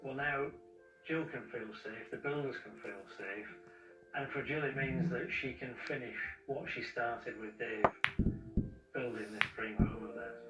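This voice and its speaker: A man's voice: mid-range voice, a little slow. A man, coaching a dog on a TV show, encouraging it with repeated praise. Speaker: dog trainer. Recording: roomy distant TV audio with loud music.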